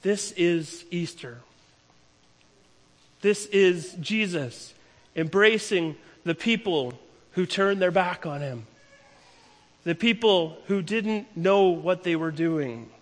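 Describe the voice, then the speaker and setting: Guy preaching, pretty high voice, storytelling sermon, lots of emphasis, long reverb. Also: lively intonation. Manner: storytelling, emphatic, slows down for key lines. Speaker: pastor.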